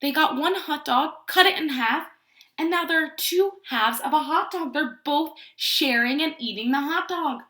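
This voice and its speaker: A preschool teacher reads a picture book aloud to young children, stopping often to ask them questions. Her voice is high and bright with lively swings in pitch. The room adds a noticeable echo. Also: moderate pace. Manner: animated, asks children questions. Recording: roomy echo.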